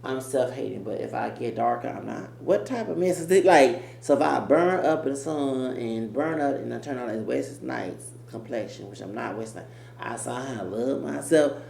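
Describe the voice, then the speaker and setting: A man's voice: mid-range voice, normal speed, gravelly, darkish tone. A man giving rambling, emphatic reaction commentary as host of his own channel. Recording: echoey room with faint hum.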